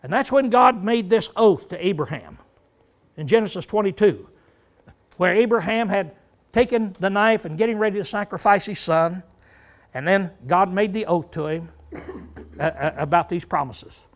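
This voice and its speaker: An older man preaching a Bible study sermon in a folksy manner, often clearing his throat and asking the congregation rhetorical questions. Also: high-pitched, normal speed.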